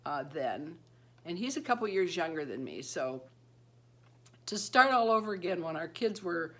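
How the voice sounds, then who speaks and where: A woman's voice: fairly low pitch, very animated, normal speed, fairly bright tone. A retired woman in her fifties chats to camera about married life. She rambles from one thought to the next, laughs often, and acts out the voices of people she quotes. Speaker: beauty vlogger. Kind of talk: casual chat to camera.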